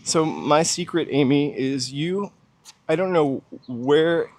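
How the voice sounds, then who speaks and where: A man's voice: on the high side, slow, darkish tone, a little hiss or hum. A man with a plain General American accent talks casually as he walks down a city street. He muses aloud, drifts between thoughts and stops to reply to his livestream viewers. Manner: chatty, musing aloud, answering viewers' chat. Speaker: walking tour livestream host. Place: outdoors on a city street while walking.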